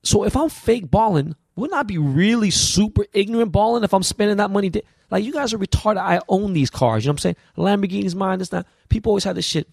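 Fast, gravelly-voiced man telling stories. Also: high-pitched, dry recording, studio quality. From US West Coast. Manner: animated, profane, slang-heavy storytelling. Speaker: podcast guest. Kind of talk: casual storytelling interview.

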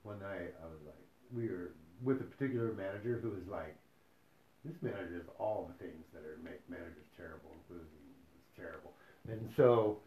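A man co-hosting a podcast, bantering in casual, teasing, profane chat. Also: on the low side. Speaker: podcast co-host. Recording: roomy, dull lo-fi sound.

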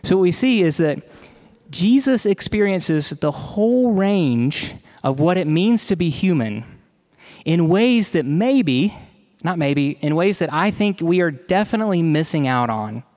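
Male pastor, sermon delivery, voice a touch high, deliberate pacing with conversational asides. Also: lively intonation, darkish tone. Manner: measured, slows for emphasis on key words.

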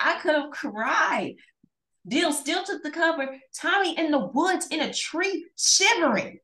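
A woman co-hosting a casual podcast chat, telling stories in an animated, emphatic way. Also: sits high. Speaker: podcast co-host. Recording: echoey room.

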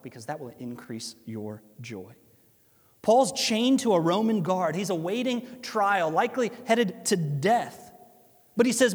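A man with an Ohio accent, preaching a sermon as pastor, animated and conversational with asides to listeners. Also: fairly high pitch, slightly rough. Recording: long hall reverb.

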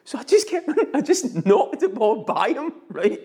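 A middle-aged man with a Scottish accent telling a story in casual chat, animated and laughing often. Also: very high voice, moderate pace.

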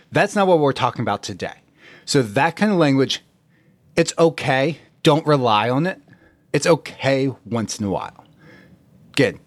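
A young man hosts a casual fitness talk show in a blunt, animated manner, swearing freely. His voice sits at an ordinary pitch for a man. It is recorded close and dry, with no room sound. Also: no room sound. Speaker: podcast host.

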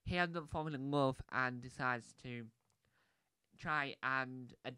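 A man's voice: mid-range voice, measured pace, pushed and bright, clear, resonant tone, dry recording. A man giving a casual, rambling film review on a podcast, chatty, with many restarts and asides.

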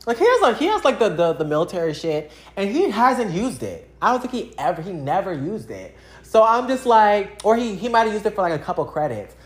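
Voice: medium pitch, very animated, a little fast, hardly any pauses, reverberant. A young adult vlogger talking in a casual, rambling monologue full of slang and fillers.

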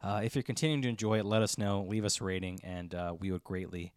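A man's voice: sits low, steady tone, quick pace, smooth, dry recording, clean studio sound. A man co-hosting a podcast, running through housekeeping in an easygoing, casual way. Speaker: podcast co-host.

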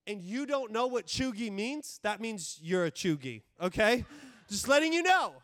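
A man's voice: high voice, clear, resonant tone. A man in his thirties preaching a humorous sermon, acting out exasperated quotes with lots of energy. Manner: animated, acts out exasperated quotes. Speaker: pastor.

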